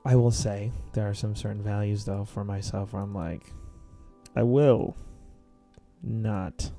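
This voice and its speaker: A man's voice: fairly low pitch, fairly even intonation, measured pace, gravelly, mellow. A man rambling philosophically in casual chat while playing a video game, full of "like" fillers. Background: faint game music.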